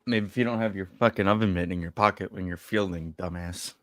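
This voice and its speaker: A man's voice: low voice, steady tone, fast talker, fairly bright tone. A man co-hosting a podcast in casual sports chat, joking and swearing freely as he talks. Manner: profane, joking, loose banter. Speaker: podcast co-host.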